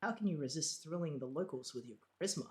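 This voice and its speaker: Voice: mid-range voice, animated, fast, a little mellow. A streamer reading a game aloud and chatting between the lines in a chatty, giggly way. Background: game music.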